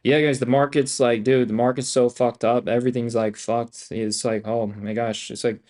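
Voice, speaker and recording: A young man streaming his day trading live, talking in a profane, excitable, rambling way and repeating himself. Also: mid-range voice, normal speed.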